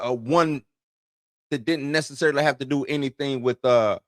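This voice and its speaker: A man's voice: a little high, dry recording, clean studio sound. A man hosting an entertainment news show in loose, slangy casual commentary, chuckling between points.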